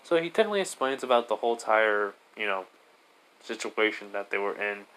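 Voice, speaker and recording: A man's voice: on the low side, animated, fairly quick, a bit bright, rough recording. Rambling young man retelling a story. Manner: rambling and hesitant, many fillers and self-corrections. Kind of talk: improvised fan-fiction retelling.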